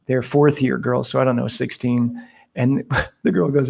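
A man's voice: mid-range voice, little pitch movement, moderate pace, vocal fry, a little mellow. A man, a priest, chatting and telling stories on a podcast, laughing as he goes. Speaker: priest guest. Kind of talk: casual podcast storytelling. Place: Guatemala, on a remote call.

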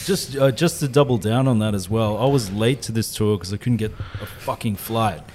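A man's voice: on the low side, normal speed, a crowd in the background. A man with a mild Welsh accent, telling rugby tour stories in casual, sweary podcast chat. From Wales. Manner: sweary, laddish storytelling.

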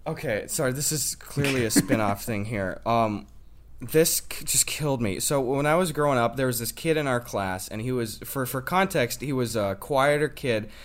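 A young man co-hosting a podcast, telling stories in a lively, laughing way and swearing casually. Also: medium pitch, normal speed. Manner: animated storyteller, laughs a lot, swears freely. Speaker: podcast co-host.

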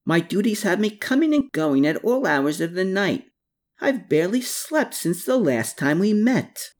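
A man's voice: high voice, sing-song, a little slow, voice pushed up. A narrator voicing a cheerful, roguish male dealer in an audiobook, jovial and theatrical. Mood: weary, chatty. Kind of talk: audiobook character voice.

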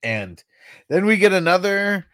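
A man's voice: high-pitched, very animated, measured pace, fairly bright tone, no room sound, studio quality. A man co-hosting a casual movie review, laughing often and mimicking punch sounds. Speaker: podcast co-host.

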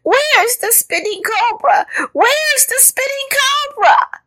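A woman voicing a frightened male caterpillar who cries out in shrill panic in a storybook reading. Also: expressive, takes it slowly, bright, forceful tone, heavily acted. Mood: panicked. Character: boastful caterpillar turned terrified, male.

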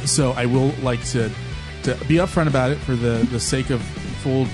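A man's voice: medium pitch, steady tone, moderate pace, music in the background. A man co-hosting a casual podcast, joking around, laughing often and fumbling his words. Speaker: podcast co-host.

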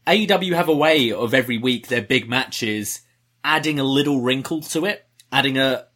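A man's voice: medium pitch, moderate pace, a bit bright. A man co-hosting a wrestling review podcast, chatting casually and wryly critiquing the show with jokes. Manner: critical, joking, wry.

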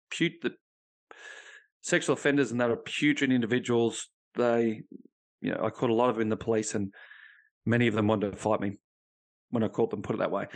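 A man, a former police officer now a podcast guest, telling a personal story bluntly with lots of swearing and acted-out dialogue. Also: medium pitch. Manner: blunt and profane, acting out remembered dialogue.

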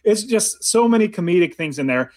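A man's voice: high-pitched, expressive, fairly quick, darkish tone. A man co-hosting a casual movie discussion, rambling with many restarts and frequent laughs. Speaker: podcast co-host.

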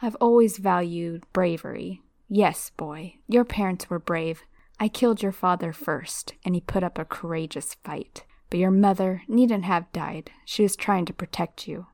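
A woman voicing a sinister disembodied male dark wizard in a hissing whispered role-play, reading a storybook aloud. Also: lowish voice, measured pace, no room sound, clean studio sound. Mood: menacing.

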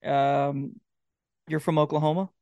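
Halting man, higher voice. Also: level tone, gravelly, mellow, no room sound, muffled recording. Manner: halting, restarts often, laughs easily. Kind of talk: casual chat.

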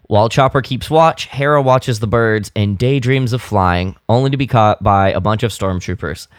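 A man's voice: fairly low pitch, normal speed, no room sound, clean studio sound. A man co-hosting a podcast, casually recapping an episode with lots of fillers and self-deprecating asides. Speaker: podcast co-host.

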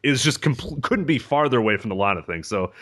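A man's voice: mid-range voice, expressive, a little fast, a bit bright. A man hosting a casual podcast, firing off questions and tripping over his words. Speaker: podcast host.

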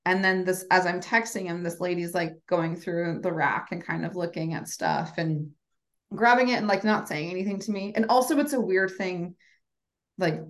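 A woman in her thirties, a podcast guest telling a story in a casual, animated way, full of fillers, who acts out the voices she quotes. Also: on the low side, moderate pace. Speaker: podcast guest, lingerie brand founder.

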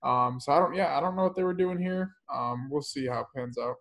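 A man's voice: a little high, brisk, vocal fry, fairly bright tone. A man co-hosting a casual sports podcast, giving matter-of-fact analysis. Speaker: podcast co-host.

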